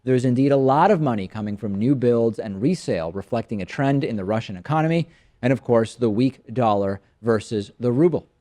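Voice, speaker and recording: A man's voice: medium pitch, expressive, brisk, dark tone. A man in his thirties hosting a political commentary show, reading out quotes with mocking, sarcastic emphasis.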